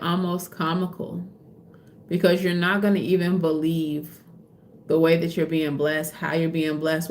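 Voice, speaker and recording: Slow, gravelly woman reading tarot. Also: fairly low pitch, a little hiss or hum. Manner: casual, profane, laughs often, slips into playful voices. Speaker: tarot reader.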